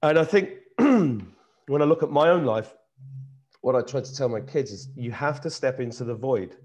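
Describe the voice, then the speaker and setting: A middle-aged man from Britain, hosting a casual chat and telling a personal story in an earnest, animated way, often restarting his sentences. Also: medium pitch, moderate pace. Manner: earnest, animated, repeats himself while searching for words. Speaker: host.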